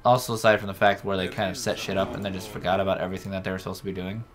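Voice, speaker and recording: A man hosting a let's-play, chatting casually over gameplay and swearing freely as he reacts with jokes and bursts of excitement. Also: low-pitched, rapid-fire. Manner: profane, excitable, joking.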